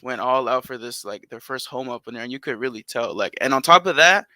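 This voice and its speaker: A man's voice: mid-range voice, fairly quick, no echo. A man co-hosting a casual podcast, talking animatedly with lots of "like". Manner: animated, heavy use of "like". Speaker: podcast co-host.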